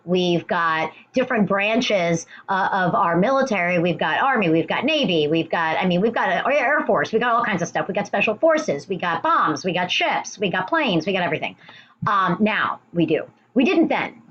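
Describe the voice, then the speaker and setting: A woman's voice: lowish voice, sing-song, normal speed, fairly bright tone, breathy edge, dull audio. A woman teaching history in a recorded video lesson. She talks in a chatty, emphatic way, with many restarts and asides.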